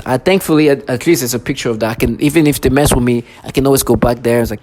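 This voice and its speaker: A man's voice: mid-range voice, fast talker, hardly any pauses, a little mellow, a little hiss or hum. A man talking to camera in an agitated, rambling monologue, often repeating and restarting his phrases. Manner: agitated, repetitive, many restarts. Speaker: vlogger.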